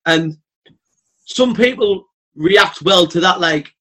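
Outspoken man, podcast guest, slightly high voice, blunt and sweary, animated storyteller. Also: slow pace. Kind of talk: casual podcast chat.

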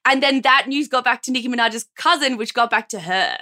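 An Australian woman trading chatty, animated banter as a guest on a comedy podcast. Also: fairly high pitch. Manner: chatty, animated, quick to laugh.

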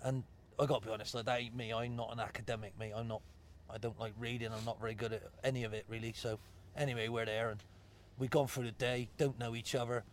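A man's voice: mid-range voice, flat delivery, fast talker, hardly any pauses, slight background noise. A middle-aged man with a Bristol accent, a former footballer chatting casually, blunt and anecdotal, swearing freely and calling people mate. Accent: Bristol English. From Bristol, England. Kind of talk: casual chat.

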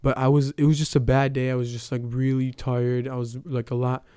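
A man's voice: mid-range voice, level tone, fairly quick, mellow, clear, resonant tone, no echo, clean studio sound. A young man giving a casual personal testimony at church, telling his story with lots of fillers and quoted dialogue.

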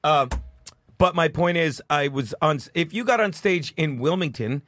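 A man in his fifties from South Jersey, a stand-up comedian telling loud, profane stories as a podcast guest. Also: on the high side, lively intonation. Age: 50s. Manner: loud, profane, rapid storytelling. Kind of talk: casual podcast chat.

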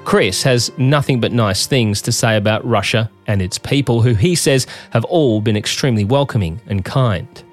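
A man narrating a documentary in a measured, scripted way. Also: medium pitch, faint music behind. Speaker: documentary host.

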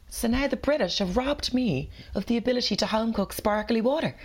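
A woman co-hosting a podcast in casual chat, sarcastic and swearing, with deadpan jokes, recording remotely from home. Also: medium pitch, fast talker, hardly any pauses. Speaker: podcast co-host.

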